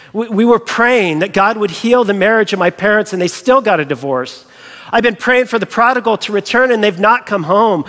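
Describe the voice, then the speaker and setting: A man preaching a sermon as a pastor, animated and storytelling, acting out the voices he quotes. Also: high voice, in a large hall.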